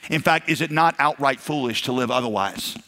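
A man's voice: mid-range voice, brisk, sharp tone. A man preaching a sermon in a conversational way, acting out the quoted voices of his stories. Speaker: pastor. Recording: long hall reverb.

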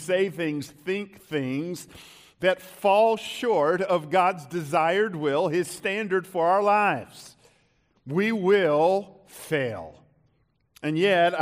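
A middle-aged man preaching from the pulpit, his voice sitting a little higher than most men's. He leans hard into his key lines, slowing down and climbing. The sound carries a long reverb from a large hall. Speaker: pastor. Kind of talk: sermon.

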